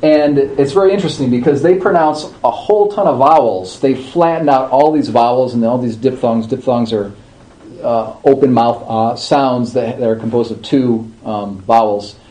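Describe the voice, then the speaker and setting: A man explaining liturgy to a group in a conversational, teaching way, checking in with his listeners and slowly sounding out chanted words. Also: mid-range voice, dark tone, poor audio. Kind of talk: informal class talk.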